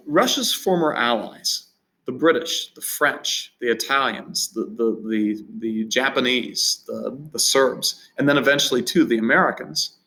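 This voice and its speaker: A man's voice: medium pitch, fairly bright tone, rough recording. A man teaching a history lesson in an unscripted, conversational way, often repeating words and restarting phrases. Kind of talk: recorded history lecture.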